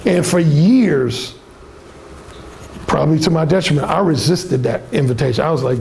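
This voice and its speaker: A man's voice: fairly high pitch, moderate pace, creaky, darkish tone, a little hiss or hum. A man telling a frank, profane story at a dating seminar, acting out the people in it. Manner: frank, profane, acts out the people in his stories. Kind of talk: storytelling talk.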